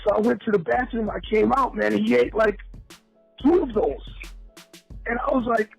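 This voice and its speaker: A man's voice: sits high, normal speed, vocal fry, slightly rough, soft background music, poor audio. A man telling rambling, profane stories in casual chat as a podcast guest. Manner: rambling, profane, animated storytelling.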